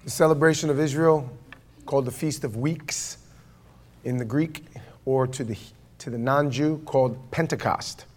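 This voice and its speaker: A male pastor preaching in a church, his voice at an everyday middle pitch. He talks conversationally and keeps asking the congregation questions. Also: moderate pace. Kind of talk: sermon with opening prayer.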